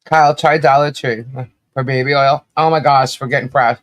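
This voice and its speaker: A woman co-hosting a casual livestream chat, rambling and laughing often, with a slight cough and a rough throat. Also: extremely low pitch, fairly even intonation, normal speed. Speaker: livestream co-host.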